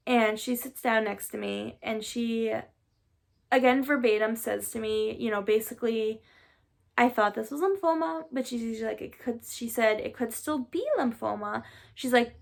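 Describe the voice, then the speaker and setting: A woman's voice: on the high side, vocal fry. A woman in her twenties telling her own story to camera in a casual, chatty way, full of fillers. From Massachusetts, US. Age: 20s. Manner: chatty, many "like" and "um" fillers, sighs.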